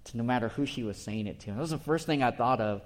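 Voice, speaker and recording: A man's voice: mid-range voice, fast. A man preaching a verse-by-verse sermon in a conversational way, explaining word by word and often asking his listeners "right?".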